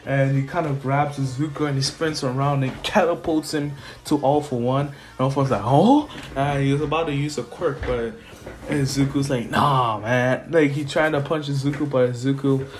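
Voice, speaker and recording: A young man casually retelling a fan story, rambling and halting with fillers. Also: mid-range voice, fairly even intonation. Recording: soft lofi music under.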